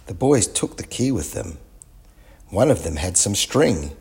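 Slow, expressive male storyteller. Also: fairly low pitch, vocal fry. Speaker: narrator. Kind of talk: children's storybook reading.

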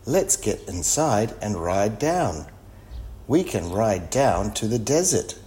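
A man voicing Wilma, a cheerful young girl, in a chirpy, drawn-out way. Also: on the low side, big pitch swings, dark tone.

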